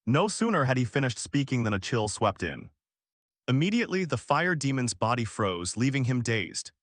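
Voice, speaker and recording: A man's voice: mid-range voice, sing-song, moderate pace, no echo, studio quality. A man narrating a scripted story recap in a dramatic storytelling manner.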